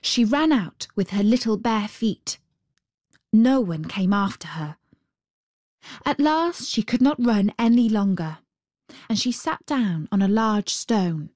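A woman reading a fairy tale aloud as a storyteller, in a gentle, expressive way. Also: medium pitch, slow pace, dry recording, clean studio sound.

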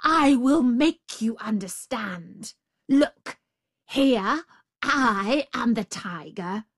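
A woman voicing a savage, impatient male tiger with a loud, bossy, blustering manner. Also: high-pitched, big pitch swings, drawn-out words, no echo, clean studio sound, voice pushed up, full character voice. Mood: lecturing.

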